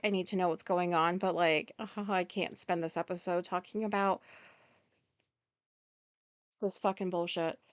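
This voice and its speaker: A woman's voice: medium pitch, no room sound. A woman hosting a casual solo podcast, talking in a rambling way with lots of fillers and swearing, often stopping to apologize. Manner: rambling, profane, with many fillers and quick apologies. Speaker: podcast host.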